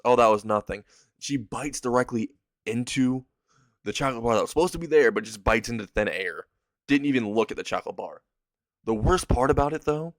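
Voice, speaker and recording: A man's voice: mid-range voice, dry recording. A man narrating an improvised fan story in a rambling, chatty way, often breaking into laughter. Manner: rambling, laughs while telling. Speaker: channel host and storyteller.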